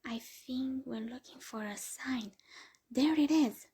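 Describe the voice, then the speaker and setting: A thoughtful young woman speaks in a breathy murmur, as a woman whispers her part. It is whispered role-play from a storybook, slow and gentle. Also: sits high, voice pushed up, full character voice.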